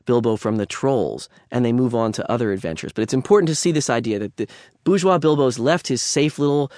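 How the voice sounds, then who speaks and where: A man's voice: mid-range voice, a little mellow, dry recording, studio quality. A man lecturing on literature in a conversational way, with digressions and wry asides.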